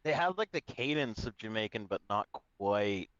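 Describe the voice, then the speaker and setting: Rambling, animated male podcast co-host. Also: lowish voice, moderate pace, no echo. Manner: rambling, full of "like" and laughs. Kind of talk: casual chat. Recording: slightly dull lo-fi sound.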